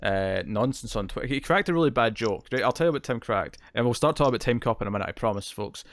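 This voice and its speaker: A man's voice: mid-range voice, lively intonation, quick pace, no echo. A man co-hosting a podcast in casual chat, rambling and laughing often. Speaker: podcast co-host.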